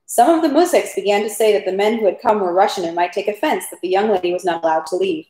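A woman reading a novel aloud at home, steady with occasional stumbles over words. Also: medium pitch, quick pace. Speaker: reader. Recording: roomy echo.

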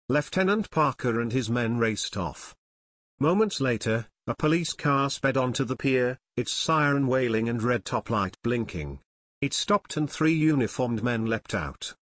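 A man's voice: mid-range voice, animated, a little slow, a bit bright, no echo. Man narrating an audiobook, dry sound. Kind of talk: scripted narration.

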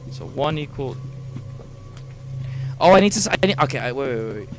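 A man's voice: a little high, lively intonation, a little fast, a little hiss or hum. A young man hosting a gaming video, rambling casually, exasperated and swearing a lot. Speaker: host.

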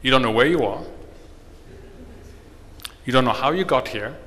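An eager, quick-witted economist, as a speaker puts him on, with a bright, forceful voice. He rings out through the long reverb of a conference hall. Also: medium pitch, natural voice. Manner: eager, then pointed.

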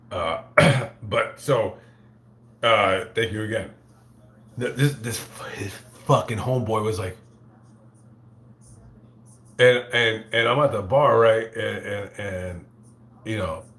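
Lowish voiced guy on a livestream, cussing and rambling, stops and starts a lot, roomy echo. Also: fairly bright tone. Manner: profane, rambling, halting storyteller. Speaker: livestream host reading super chats. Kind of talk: casual livestream chat.

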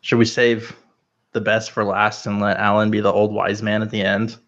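Younger male guest, low-ish voice, dull lo-fi call audio; playful, slangy. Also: flat delivery, normal speed, a bit bright. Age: younger adult. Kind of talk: casual live-stream chat.

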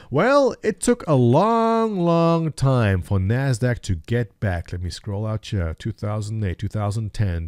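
Recorded in studio quality with no echo, a medium-pitched man with a darkish tone goes over a chart for his audience. He's a streamer and market commentator in his forties who used to day trade, and he laughs at his own casual stories while asking viewers rhetorical questions.

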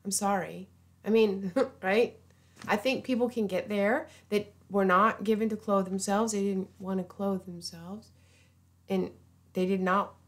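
A woman giving an informal sermon, earnest and pleading, often dropping to a hushed voice. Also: medium pitch, steady tone, unhurried. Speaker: preacher.

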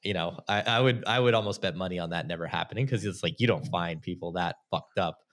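A man hosts a casual podcast interview in a very low, deep voice. He talks in a laid-back way and keeps checking agreement with a quick "right?". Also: fairly bright tone. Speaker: podcast host.

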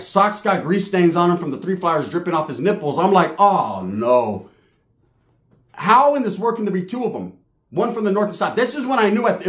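A man's voice: high voice, reverberant. A man doing stand-up, telling a profane, slang-filled story and acting out the quotes. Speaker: stand-up comedian.

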